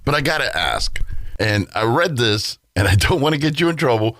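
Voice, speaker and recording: A man's voice: medium pitch, very animated, normal speed, fairly bright tone, no room sound, clean studio sound. A man hosting a morning radio show, interviewing a guest in an effusive, complimentary way.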